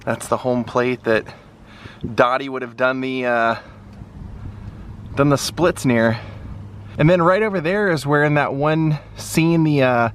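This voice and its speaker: A man's voice: medium pitch, unhurried, long pauses, a little hiss or hum. A man chatting casually as a vlog host, rambling with frequent ums while walking outdoors around a baseball stadium. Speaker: travel vlogger visiting film locations.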